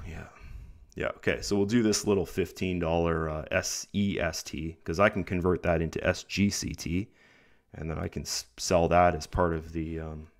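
A sick young man with a rough throat, chatting casually to his viewers as he talks them through his earnings online and keeps peppering his pep talk with "guys" and "right?". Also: low-pitched. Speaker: online income vlogger. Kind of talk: casual talk to camera over screen recording.

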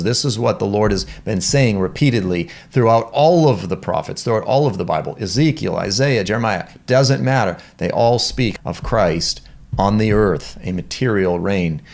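A man's voice: fairly low pitch, animated, moderate pace. A man giving an earnest lecture on church history as a Bible teacher, explaining points with emphasis and reading quotes aloud.

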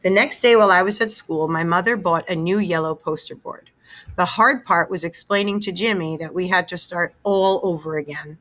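A woman reading a children's novel aloud in a clear, steady storytelling manner. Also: on the low side, normal speed. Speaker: reader.

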